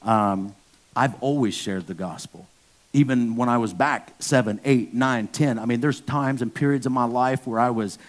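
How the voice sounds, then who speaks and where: A man's voice: mid-range voice, moderate pace. Candid storytelling pastor in his fifties. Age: 50s. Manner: candid, storytelling, bursts into loud excited impressions. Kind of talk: sermon.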